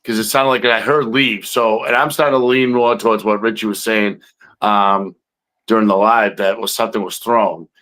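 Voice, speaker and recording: A man's voice: lowish voice, fairly even intonation, normal speed, fairly bright tone, rough recording. A man co-hosting a podcast, telling a field story in a rambling way with many fillers. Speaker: podcast co-host, Bigfoot investigator. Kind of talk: casual chat.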